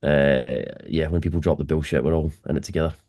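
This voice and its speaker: A Scottish man with a low voice, chatting as a guest in a casual interview. He talks easily and loosely, throwing in swear words without any fuss. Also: steady tone, quick pace, warm tone. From Scotland. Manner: laid-back, swears casually. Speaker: band drummer, guest.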